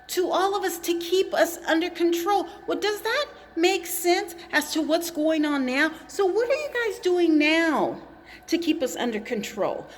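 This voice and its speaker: A woman's voice: very high voice, fairly bright tone, big-room sound, a little hiss or hum. A woman talking straight to the camera in an impassioned monologue, with emphatic, accusatory phrasing and pointed repetition. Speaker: vlogger.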